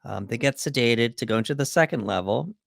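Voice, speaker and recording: A man's voice: medium pitch, expressive, a little fast, creaky, dry recording, clean studio sound. A man co-hosting a podcast, casually recapping a film's plot from his notes with plenty of fillers. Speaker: podcast co-host. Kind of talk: casual film breakdown chat.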